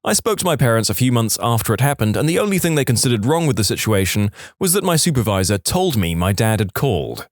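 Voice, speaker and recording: A man's voice: mid-range voice, sing-song, fast talker, hardly any pauses, no echo, clean studio sound. A man narrating reader-submitted stories in a wry, scripted storytelling delivery.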